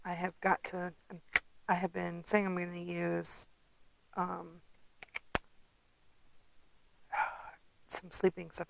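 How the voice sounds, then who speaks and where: Chatty woman with a gravelly edge. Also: on the low side, fairly bright tone, slight background noise, poor audio. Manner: chatty, rambling, many ums. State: tired, yawning. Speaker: papercraft demonstrator. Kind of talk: casual craft tutorial chat.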